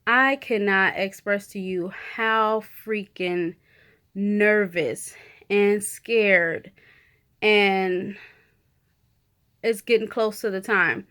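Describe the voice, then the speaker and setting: An extremely slow, mid-range voice with a fairly bright tone and frequent pauses: a woman vlogger giving an emotional, candid video update. She chats casually, dropping "you know" and "like" throughout as she talks frankly about her feelings.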